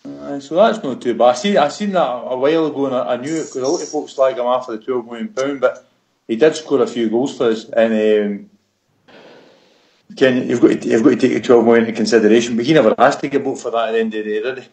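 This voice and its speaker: A Scottish man on a fan radio panel, making his case about a player with quick restarts over an online call. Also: medium pitch, darkish tone, low-quality recording. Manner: quick, talks in restarts, argumentative. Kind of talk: casual football chat. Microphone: online group call.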